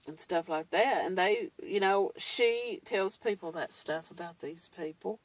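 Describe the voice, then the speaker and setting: A woman's voice: medium pitch, a little slow, hardly any pauses, no echo, recorded from a distance, poor audio. A woman talking in a blunt, candid way, with mild swearing, in a casual monologue. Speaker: survivor vlogger. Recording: dry, set back from the mic.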